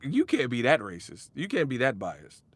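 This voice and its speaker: Animated, profane boxing ranter. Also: male voice, mid-range voice, moderate pace, husky, no echo, clean studio sound. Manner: animated, profane, laughs often, mocks others with sudden shouts. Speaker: boxing commentator. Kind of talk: casual ranting commentary.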